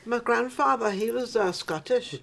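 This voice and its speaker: A British woman hosting a casual interview show in a studio, chatty and rambling, quick to agree with her guest. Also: a little high, creaky, a bit bright. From Britain. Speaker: talk show host. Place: studio in an office building.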